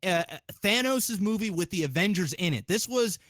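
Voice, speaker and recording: A man hosting a podcast, chatting casually in an excitable, profane way with lots of restarts. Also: sits high, normal speed, no room sound. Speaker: podcast host.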